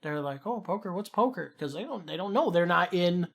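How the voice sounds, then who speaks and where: A man's voice: high-pitched, fairly quick, creaky. A young man with a Chicago accent, co-hosting a podcast and telling rambling, profane stories in a casual chat. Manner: rambling, profane, animated storyteller. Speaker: podcast co-host.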